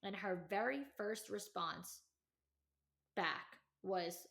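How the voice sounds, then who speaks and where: A woman hosting a podcast, telling a personal story in casual chat, full of "like" and "you know", and acting out quotes with lively energy. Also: moderate pace, vocal fry. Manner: chatty, heavy use of "like" and "you know"; animated, acts out quotes in a higher voice. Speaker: podcast host.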